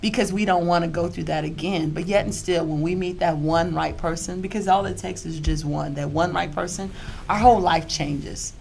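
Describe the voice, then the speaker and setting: A woman's voice: on the low side, steady tone, normal speed, vocal fry, a little mellow, a little hiss or hum. A woman speaking as a guest on a talk panel, emphatic and repeating her phrases.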